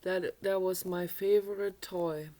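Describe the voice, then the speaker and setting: A sweet, earnest young princess, as a woman puts her on. She speaks slowly and gently, in a low register. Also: fairly even intonation, lightly acted. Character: young fairy-tale princess, grateful and sweet.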